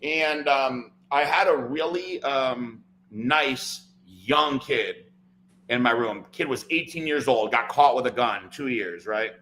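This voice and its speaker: A man's voice: medium pitch, slow pace, fairly bright tone, slight background noise, poor audio. A man, a podcast guest, telling a long personal story in casual chat, often tagging "right?" and "like". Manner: rambling, fills talk with "like" and "right?".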